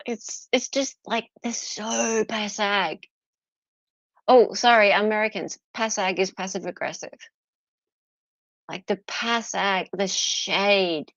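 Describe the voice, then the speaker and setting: A woman's voice: mid-range voice, steady tone, slow, long pauses, a bit bright, no room sound. Aussie woman on a live stream, giggly and chatty, mocks posh lawyers, kinda dull lo-fi sound. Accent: Australian. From Australia. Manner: chatty, laughs often, answers chat viewers; mocks posh barristers in put-on voices. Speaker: live-stream host reviewing a court trial. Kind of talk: casual live-stream commentary.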